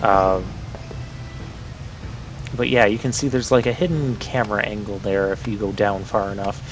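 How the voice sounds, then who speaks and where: A man's voice: fairly low pitch, steady tone, normal speed. A man hosting a let's play, chatting casually and wryly about the game, with a lightly sarcastic edge. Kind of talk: casual gameplay commentary. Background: game music.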